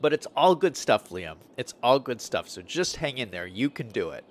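A man's voice: mid-range voice, big pitch swings, moderate pace. A man streaming a city-building game, chatting casually and thinking aloud as he plans, often correcting himself mid-sentence. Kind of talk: casual gameplay commentary.

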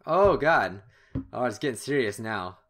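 A man playing a visual novel, reading it aloud and reacting with excitable outbursts. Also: mid-range voice, unhurried. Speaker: gamer.

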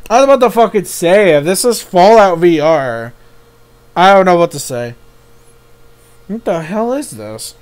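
A young man giving live reaction commentary, excitable, thinking aloud and swearing often. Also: high-pitched, unhurried, long pauses, clear, resonant tone. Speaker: YouTube reaction host.

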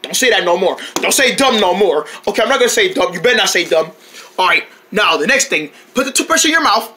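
A performer playing several characters in a playful comedy skit, switching quickly between them and breaking into shouts. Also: medium pitch, lively intonation.

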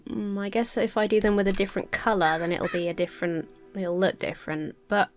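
An English woman with a mid-range, level voice talks fairly quickly, sounding stuffy and nasal from a cold. She's a Minecraft let's player chatting to herself in casual commentary while sorting items in a building and farming game.

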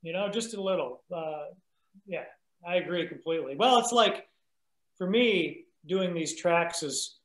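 Relaxed musician guy on a podcast, higher voice, roomy echo around him, laughs a lot. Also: measured pace. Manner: laid-back, laughs often. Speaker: musician guest. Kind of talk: casual interview chat. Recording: roomy echoey sound.

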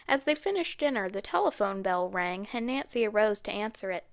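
A woman narrating an audiobook in a steady storytelling manner. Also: medium pitch, fairly quick, gravelly. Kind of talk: scripted narration.

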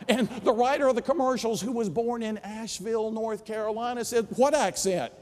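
A man's voice: very high-pitched, brisk, in a large hall. A man with a Southern US accent, a philosophy professor giving a keynote and acting out the dialogue in his stories. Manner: animated storyteller acting out dialogue. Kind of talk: storytelling keynote speech. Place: large conference hall.

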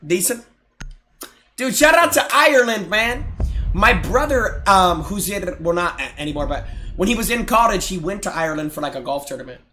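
Loud excitable young male streamer. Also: high voice, brisk, a little hiss or hum. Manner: loud, excitable, bursts into shouts and laughs. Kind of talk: live gaming stream chat.

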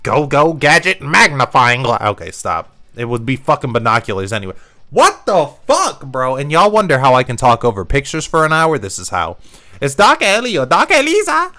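A young man doing let's play commentary, profane, joking and excitable. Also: medium pitch, vocal fry. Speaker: gamer.

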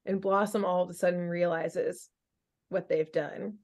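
A young adult woman hosting a podcast, recapping a cartoon episode in animated, casual storytelling full of fillers. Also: fairly low pitch, a little slow. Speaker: podcast host.

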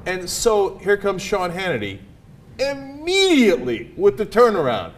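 Animated high-voiced male political host. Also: a little slow. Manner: animated, mocking impressions, laughing. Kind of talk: political commentary panel.

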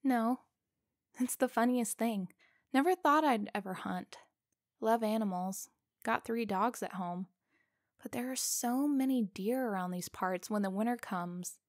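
Woman playing a brash big hunter guy, blunt, gruff, casual, slow, dry close sound. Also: fairly high pitch, dry recording, close to an everyday voice. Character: big, brash male hunter driving a truck.

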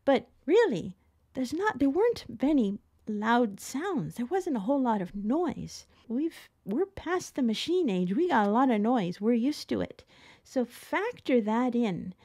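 A middle-aged woman teaching piano in a chatty, expressive way, often laughing as she explains. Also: fairly high pitch. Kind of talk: casual spoken tutorial.

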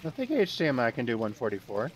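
A man's voice: mid-range voice, wildly swooping pitch, fast. A man chatting casually with a friend during a game, laid-back, correcting and teasing him. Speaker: gaming friend. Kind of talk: casual gaming chat.

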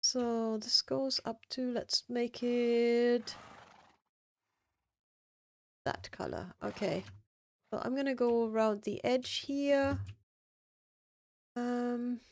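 A woman's voice: on the high side, takes it slowly, a little mellow. A woman streaming a building game, chatting casually with viewers and thinking aloud with lots of fillers. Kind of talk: casual live-stream chat.

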